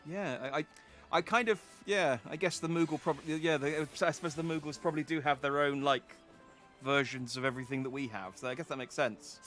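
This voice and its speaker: A man's voice: a little high, steady tone, brisk, a bit bright, faint music behind. A man streaming as a VTuber, chatting casually through a game and often correcting himself mid-sentence. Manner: rambling, self-correcting, chatty. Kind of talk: casual gameplay commentary.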